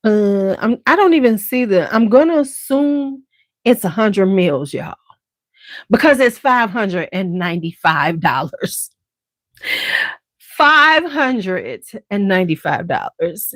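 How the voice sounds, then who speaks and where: Sassy chicago woman chatting to her viewers, slow and lively, voice jumping way up high. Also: no room sound. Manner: animated, sassy, swings into high exaggerated quotes. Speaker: beauty channel host. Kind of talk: casual chat to camera.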